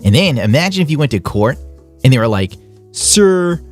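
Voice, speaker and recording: A man's voice: mid-range voice, sing-song, quick pace, faint music behind. Sarcastic guy riffing over clips. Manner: sarcastic, crude mocking asides. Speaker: YouTube commentator. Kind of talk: casual reaction commentary.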